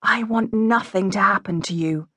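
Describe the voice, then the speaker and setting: A woman voicing a gentle young gentlewoman who speaks softly and pleadingly. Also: mid-range voice, normal speed, husky, dry recording. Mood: tender.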